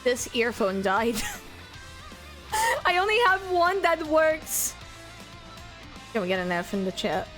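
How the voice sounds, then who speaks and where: A woman streamer, a native French speaker, chatting casually and reading her chat aloud, bubbly and excitable. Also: a little high, slow, pauses often, faint music behind. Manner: bubbly, excitable, squeals greetings to viewers.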